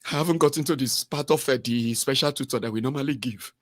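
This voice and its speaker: A man's voice: medium pitch, no echo, clean studio sound, natural voice. Man playing a distraught Nigerian husband. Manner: halting, self-pitying confession. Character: distraught middle-aged husband hiding in the bathroom.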